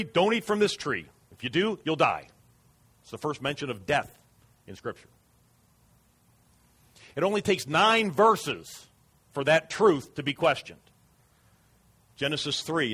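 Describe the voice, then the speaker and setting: A man's voice: fairly high pitch, big pitch swings, measured pace, pauses often, a bit bright, husky. A man preaching a sermon as pastor, earnest and emphatic.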